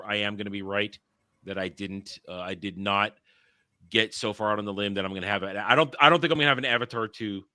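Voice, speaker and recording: Bright, blunt ranting man hosting. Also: mid-range voice, clear, resonant tone, dry recording, clean studio sound. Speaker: podcast host. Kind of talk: casual panel chat.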